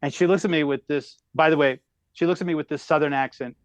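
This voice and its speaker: Animated, higher-voiced comedian man in his fifties. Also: quick pace, dry recording. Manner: lively, exaggerated, laughing at his own story. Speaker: comedian guest. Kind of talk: animated storytelling.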